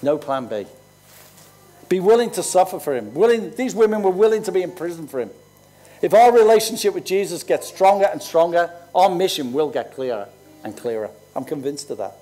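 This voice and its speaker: A man's voice: sits high, lively intonation, a little fast, mellow. A man in his sixties, a pastor preaching conversationally and telling personal stories. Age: 60s.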